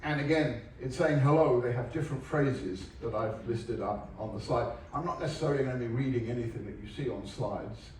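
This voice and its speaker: A man's voice: medium pitch, a little fast, few pauses, a little mellow, a little hiss or hum. Guy doing a funny talk on a ship, dry asides, big echoey theatre, heard from far off. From England. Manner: dry, wry asides to audience. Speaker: onboard lecturer. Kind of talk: humorous presentation.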